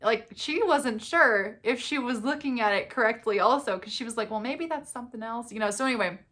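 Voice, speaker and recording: Animated young woman telling a story. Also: fairly quick. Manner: animated storyteller, acts out quotes with big pitch jumps. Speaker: vlogger. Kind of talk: storytime vlog, casual chat.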